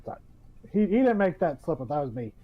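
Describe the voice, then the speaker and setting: A man's voice: a little high, very animated, fast. A man narrating as game master of a tabletop game, rambling with many fillers and restarts. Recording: dull lo-fi audio.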